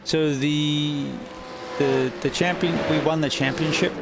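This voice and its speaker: Gravelly male racing-game streamer. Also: fairly high pitch, slow, over loud music. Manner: relaxed, rambling with restarts. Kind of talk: casual streaming chat.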